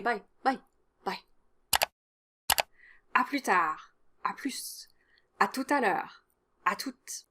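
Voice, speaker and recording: A woman whose first language is French, teaching French words in a video lesson with a clear, explanatory delivery and casual asides. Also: medium pitch, fairly bright tone.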